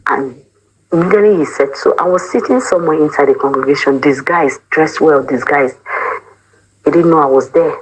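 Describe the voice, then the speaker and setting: A woman's voice: low voice, brisk, slight background noise, low-quality recording. A young woman from Cameroon, giving an emotional personal testimony about her time in a church choir, acting out what other people said and mixing pidgin words into her English. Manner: animated storyteller who acts out the quoted speech of others. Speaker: former church choir member.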